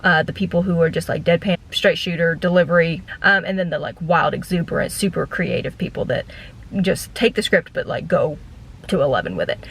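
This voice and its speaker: Woman in her 30s, deadpan storyteller, rambly car vlog chat, filler-heavy. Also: lowish voice, fairly quick, gravelly, breathy edge, rough recording. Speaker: vlogger and former theme park ride guide.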